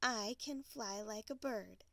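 A woman voicing an eager little male bear cub in a storybook read-aloud, with a high, sing-song manner. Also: takes it slowly, creaky.

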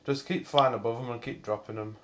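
A man's voice: medium pitch, fairly even intonation, brisk, a bit bright, slight background noise. A man hosting a gameplay video, chatting casually and swearing in exasperated banter with a friend while playing. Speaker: gaming channel host.

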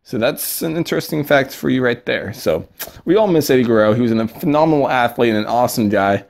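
A young man talking through a mobile card game in a chatty, excitable way. His pitch swings all over the place as he giggles and lets out sudden yelps. It is casual, running commentary, like a regular channel host. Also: quick pace, gravelly.

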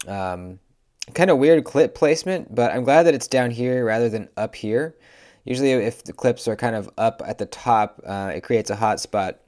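A young man casually reviewing pocket knives, relaxed and chatty, with lots of fillers. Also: medium pitch, normal speed. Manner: laid-back, lots of "um" and "man". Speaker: knife reviewer.

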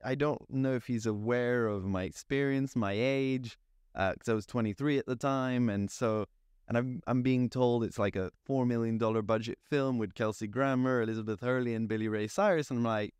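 A young man from France, telling a lively story as a podcast guest, with many fillers and restarts. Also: medium pitch, normal speed, clean tone, no echo. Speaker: guest, cinematographer. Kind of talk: casual storytelling interview.

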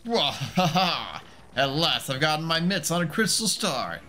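A man's voice: fairly high pitch, very animated, measured pace, bright, forceful tone, soft background music, exaggerated voice. Man doing Bowser, a blustering turtle king. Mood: gloating. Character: blustering giant male turtle king, hot-tempered.

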